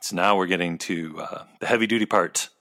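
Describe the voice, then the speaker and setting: A man's voice: low-pitched, fairly quick, bright, forceful tone. Upbeat man co-hosting a podcast. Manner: upbeat, jokey, steers the listening. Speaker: podcast co-host. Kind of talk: casual chat.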